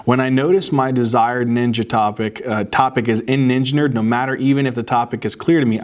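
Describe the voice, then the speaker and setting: A man hosting a casual show, reading fan letters aloud and thanking viewers, touched enough to get choked up. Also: medium pitch. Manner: warm, grateful, gets choked up. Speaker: host reading fan mail. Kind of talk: casual chat to camera.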